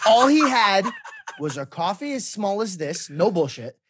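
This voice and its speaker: A woman on a podcast, telling a story in a lively way, laughing as she talks. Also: mid-range voice, moderate pace, background noise. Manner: laughing, lively retelling with acted-out quotes. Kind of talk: casual storytelling chat.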